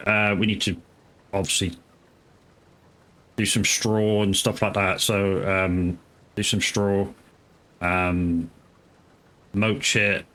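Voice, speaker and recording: A man's voice: fairly low pitch, sharp tone. A man chatting casually while streaming a farming game, greeting viewers and swearing freely as he rambles between tasks. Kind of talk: casual live gameplay commentary.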